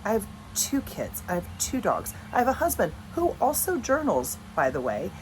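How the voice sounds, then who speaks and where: A woman's voice: medium pitch, huge pitch swings, moderate pace, darkish tone, slight background noise, low-quality recording. A woman in her thirties talking frankly and casually to camera at home, swearing now and then. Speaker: vlogger and coach. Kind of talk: casual direct-to-camera vlog. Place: at home with dogs.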